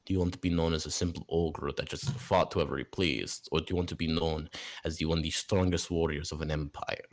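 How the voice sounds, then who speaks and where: A man voicing a grandiose, scheming warlock who persuades with theatrical flattery. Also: very deep voice, fairly quick. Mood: persuasive.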